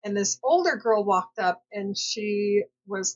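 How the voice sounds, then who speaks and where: Woman vlogger, casual hesitant storytelling, mid-pitched, dull lo-fi recording. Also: expressive, takes it slowly. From Southern California. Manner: rambling, hesitant, full of fillers and self-corrections.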